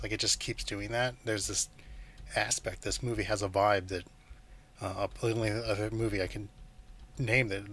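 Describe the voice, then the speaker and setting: A man's voice: fairly low pitch, pushed and bright, slight background noise. A man co-hosting a casual film podcast, enthusiastic, laughing often and acting out scenes. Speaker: podcast co-host.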